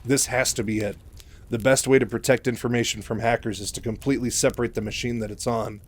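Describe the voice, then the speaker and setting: A jittery young male recruit, anxious and stammering, as a male narrator voices him. He sounds a little higher and louder than the narrator himself. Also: steady tone, fast, close to an everyday voice. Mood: urgent.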